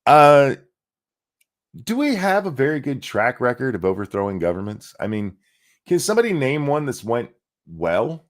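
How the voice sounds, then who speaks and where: A man's voice: mid-range voice, sing-song, moderate pace. An American man hosting a casual livestream show, sarcastic and profane, reacting to news and reading out viewer donations. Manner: sarcastic, profane, reads chat donations aloud. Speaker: podcast host.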